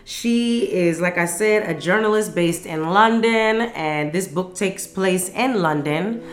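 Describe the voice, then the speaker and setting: A woman's voice: on the low side, slow pace, soft background music. A woman casually reviewing a book and reading from it aloud, enthusiastic and full of slang and swearing.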